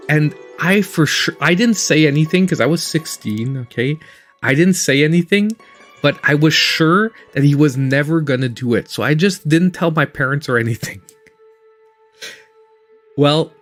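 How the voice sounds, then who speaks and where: A man hosting a gaming livestream who tells stories in a casual, animated way and laughs often while he plays. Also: fairly high pitch. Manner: animated storytelling, laughing often, mimicking voices. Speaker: gaming channel host.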